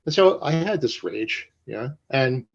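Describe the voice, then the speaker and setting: An older man from New Jersey telling stories in an interview, animated and profane, acting out the voices of people he quotes. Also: medium pitch, a little slow, creaky, breathy edge. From Paterson, New Jersey. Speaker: guest. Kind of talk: storytelling interview. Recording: dull lo-fi sound.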